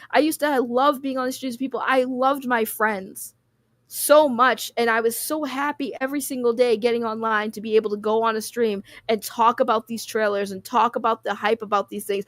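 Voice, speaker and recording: A woman hosting a livestream reads chat while ranting in an impassioned, profane way, growing emotional to the point of nearly crying. Her voice is a little high, with no echo.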